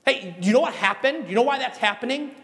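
Preaching in a big, resonant room, a male pastor with a very high voice tells animated stories at a quick pace and emphatically urges his congregation to take action.

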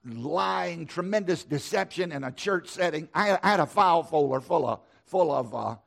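A man's voice: fairly high pitch, expressive, moderate pace, creaky, a bit bright. A middle-aged man preaching a sermon, emphatic and repetitive, with a preacher's cadence. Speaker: pastor.

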